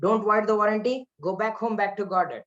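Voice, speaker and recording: A man with an Indian accent giving a devotional scripture class, telling stories in an animated way. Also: sits high, a little fast, muffled recording. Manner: animated storyteller, switches into Hindi phrases.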